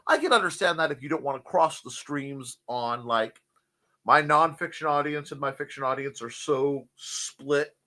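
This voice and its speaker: A man's voice: a little high, moderate pace, pushed and bright. A man hosting a casual morning show, joking, rambling and reading out chat messages. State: cold.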